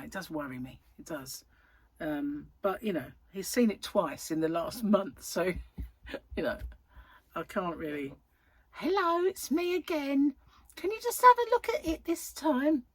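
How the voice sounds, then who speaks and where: Crochet vlogger, woman in her thirties, rambling casual chat, breathy lowish voice. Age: 30s. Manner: rambling and chatty, with frequent fillers.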